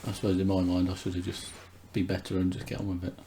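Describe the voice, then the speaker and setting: A man being interviewed, talking candidly and haltingly with many restarts. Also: low-pitched, completely flat delivery, mellow, a little hiss or hum. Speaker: interview guest. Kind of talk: candid conversation.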